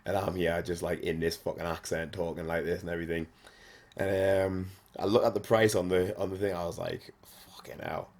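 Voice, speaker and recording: A man, talking casually and bluntly as a podcast host, swearing often and filling pauses with "like". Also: sits low, flat delivery, darkish tone. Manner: blunt and sweary, frequent fillers. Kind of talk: casual monologue.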